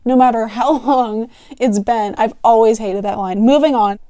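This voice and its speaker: A woman's voice: fairly high pitch, normal speed, warm tone, dry recording. A young woman reading her old story aloud with giggly, self-mocking commentary, close to the mic. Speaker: youtuber.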